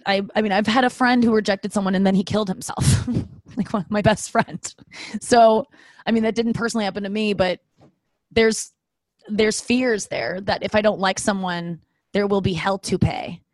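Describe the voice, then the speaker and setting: A woman's voice: mid-range voice, fairly even intonation, moderate pace, dry recording. Rambling self-deprecating woman, dry close sound. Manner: chatty and self-deprecating, rambling with many fillers and quoted asides. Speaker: podcast host. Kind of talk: casual solo chat. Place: home, talking to her dog.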